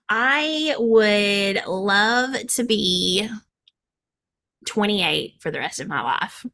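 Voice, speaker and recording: A woman's voice: medium pitch, expressive, drawn-out words, pauses often, pushed and bright. A woman in her thirties with a Southern country accent, chatting playfully and laughing often as co-host. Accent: American Southern country. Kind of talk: casual chat.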